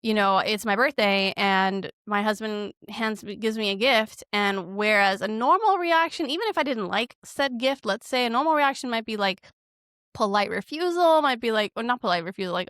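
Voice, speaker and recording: A woman therapist in her thirties or forties, chatting on a podcast and acting out quoted lines with lively shifts. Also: on the high side, moderate pace, clear, resonant tone, no room sound, studio quality. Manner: animated, acts out quoted lines. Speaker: marriage and family therapist guest. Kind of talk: casual podcast conversation.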